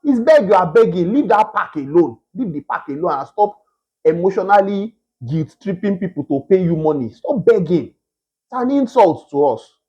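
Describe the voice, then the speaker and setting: A man preaching a sermon, emphatic and repetitive, with a husky voice. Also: high-pitched, expressive, normal speed, warm tone, highs cut off. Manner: emphatic, repetitive, mimics beggars in a whiny voice.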